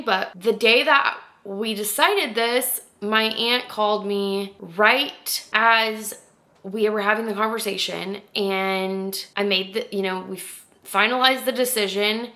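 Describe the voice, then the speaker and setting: A woman's voice: medium pitch, pushed and bright. Young woman vlogging at home, chatty, rambly, says like a lot. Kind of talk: casual vlog chat.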